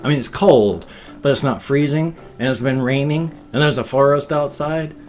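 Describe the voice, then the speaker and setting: A man's voice: medium pitch, normal speed, a little mellow, soft background music. An older American man chatting casually on his daily vlog, rambling and self-deprecating as he tells a story. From United States. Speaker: vlogger.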